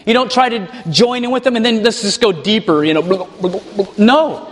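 A man preaching a sermon to his congregation, animated, now and then mocking people in put-on voices. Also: high-pitched, normal speed. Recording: long hall reverb.

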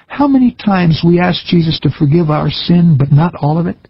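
A man preaching a recorded sermon in an earnest, measured way, with folksy stories. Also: a little high, expressive, breathy edge, dry recording, dull audio.

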